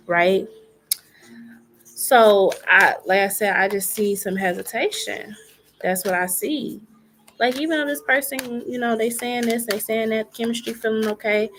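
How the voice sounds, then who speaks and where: Gravelly-voiced woman giving a tarot reading. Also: medium pitch, slight background noise. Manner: chatty, repeats phrases, many fillers. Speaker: tarot reader.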